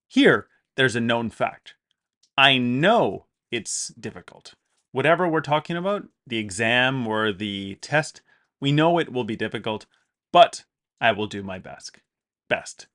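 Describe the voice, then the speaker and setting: A man giving an English grammar lesson at a mid-range pitch. He explains each point clearly and stresses key words. He repeats example sentences to drive each point home. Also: big pitch swings, a little slow, a bit bright. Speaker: English teacher.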